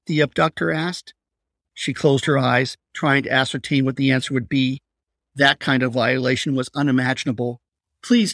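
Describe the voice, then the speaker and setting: A man reading aloud from his crime thriller in a steady, measured narration. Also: mid-range voice, no echo, clean studio sound. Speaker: author reading his novel.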